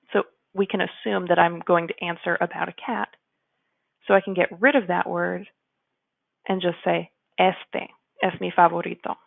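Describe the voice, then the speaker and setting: A woman with a gravelly edge to her voice explains grammar as a teacher, chatty and slowing down for her example sentences. The sound is dry and close, with no room around it. It also comes through narrow and tinny, like a phone call. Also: lowish voice, no room sound. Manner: chatty, apologetic asides, slows to model example sentences. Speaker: Spanish teacher. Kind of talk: explanatory lesson.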